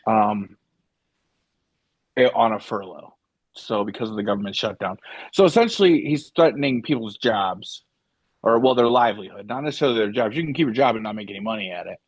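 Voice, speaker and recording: A man with a lowish voice co-hosting a political talk show, recorded dry and close. He rambles casually and sounds exasperated. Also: expressive, brisk, no room sound. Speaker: co-host.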